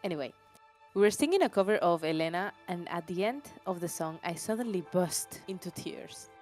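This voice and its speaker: A woman's voice: lowish voice, lively intonation, a little fast, a little mellow, faint music behind. A woman doing a comedic reading on a stream, breaking off for wry, exasperated asides. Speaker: stream co-reader.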